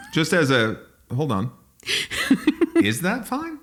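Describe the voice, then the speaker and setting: A man's voice: sits high, huge pitch swings, extremely slow. A man co-hosting a comedy podcast, telling stories in casual chat and acting out bits of dialogue. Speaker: podcast co-host.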